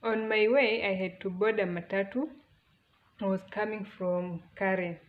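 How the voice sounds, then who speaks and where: A woman's voice: medium pitch, steady tone, moderate pace, phone-quality sound, heavy background noise. A woman with a Kenyan accent telling a personal story, earnest and emotional, often restarting her sentences. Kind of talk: casual storytelling.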